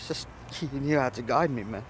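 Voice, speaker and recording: An actor playing a young Englishman who talks haltingly and tearfully to a lost friend, sighing between phrases. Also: mid-range voice, background noise, natural voice. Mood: grieving, scared. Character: grieving young man talking to a dead friend.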